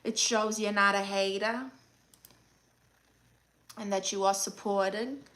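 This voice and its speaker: A woman playing a brash, sassy aunt who hosts a livestream, reading viewer comments with deadpan scolding. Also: medium pitch, takes it slowly, slight background noise. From Brooklyn, New York. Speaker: comedic livestream host character. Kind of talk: mockumentary livestream comedy.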